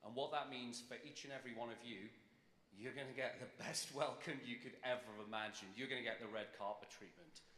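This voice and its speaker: A middle-aged British man with a London accent addresses students at a ceremony, enthusiastic and chatty. His voice is bright and forceful. It rings out with long reverb across a big hall. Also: medium pitch, fairly even intonation, a little fast. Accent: British English, London. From Britain. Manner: enthusiastic, chatty, building to cheers. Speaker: civic official giving a speech. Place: large hall with audience.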